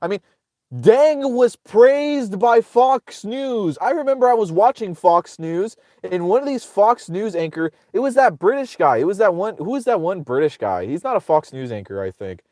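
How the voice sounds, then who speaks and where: A man's voice: high voice, big pitch swings, brisk, few pauses, a little mellow, no room sound, studio quality. Sarcastic, profane ranting man. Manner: sarcastic, profane, rambling with many restarts. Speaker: political commentator host. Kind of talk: casual ranting livestream commentary.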